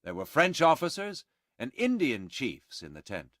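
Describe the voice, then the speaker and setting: A man reading a storybook aloud in a slow, clear and expressive narration. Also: mid-range voice, no room sound, clean studio sound. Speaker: audiobook reader.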